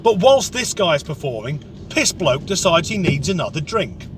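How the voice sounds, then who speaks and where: A man's voice: on the high side, sing-song, moderate pace, a little hiss or hum. A man telling a comic rant story, sweary, sarcastic and exasperated. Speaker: comedic vlogger.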